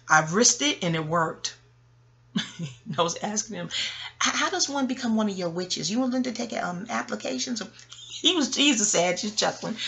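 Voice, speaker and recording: A woman's voice: mid-range voice, sharp tone. A woman vlogger talking in a casual, rambling monologue. She is candid and profane, goes off on tangents and laughs often.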